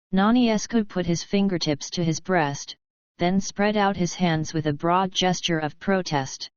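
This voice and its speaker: A woman reading an audiobook in measured, even storytelling narration. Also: on the low side, smooth, no room sound, dull audio. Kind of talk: scripted narration.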